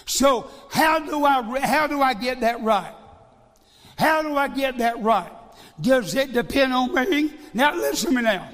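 A man's voice: extremely high pitch, animated, unhurried, a bit bright. A male evangelist preaching a sermon, emphatic, repeating phrases and firing rhetorical questions. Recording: long hall reverb.

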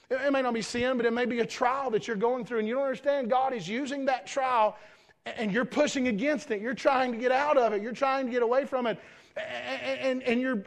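A man preaching with an earnest, pleading delivery and a notably high voice. He stumbles, repeats and restarts his phrases as he presses his point to the congregation. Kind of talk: sermon.

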